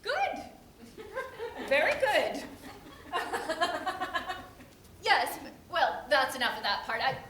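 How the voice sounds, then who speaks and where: A stingy, huffy gentleman who counts every coin, played by a woman in a stage play. He speaks slowly and deliberately in a high voice, heard from far off. Noise and echo from a hall fill the recording. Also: huge pitch swings, full character voice. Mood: impatient. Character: stingy indignant gentleman customer, male. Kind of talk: amateur stage acting. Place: theater stage. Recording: echoey hall, from far off, noisy.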